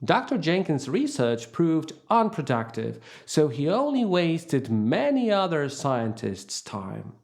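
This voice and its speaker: A man teaching English vocabulary in a scripted lesson, reading example sentences slowly and deliberately. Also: a little high, gravelly. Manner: slow, deliberate, lively intonation.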